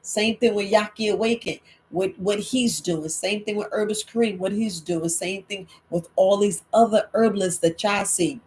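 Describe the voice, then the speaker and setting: Woman herbalist host, emphatic and preachy, hammers points home, mid pitch. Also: steady tone, normal speed, few pauses, a little mellow. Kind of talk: late-night Q&A livestream talk.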